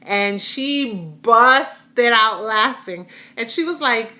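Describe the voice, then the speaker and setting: A woman's voice: fairly high pitch, extremely slow, few pauses, sharp tone. A middle-aged woman chatting casually in a rambling, heartfelt way while giving a personal health update to her viewers. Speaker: vlogger sharing a health update.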